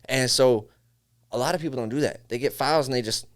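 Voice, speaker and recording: Chatting casually as a podcast guest, a man with a mid-range voice and a quick pace shares stories. A music engineer from Syracuse in upstate New York, he acts out studio conversations with animation and says "bro" a lot.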